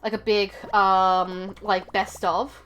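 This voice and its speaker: A woman's voice: medium pitch, level tone, takes it slowly, fairly bright tone, clean tone, faint music behind. A woman from Australia, chatting casually on a live stream, rambling with lots of fillers and frequent swearing.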